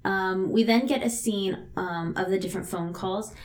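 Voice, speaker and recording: A woman co-hosting a podcast, recapping a drama episode in a steady way with dry asides. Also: mid-range voice, moderate pace. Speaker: podcast co-host.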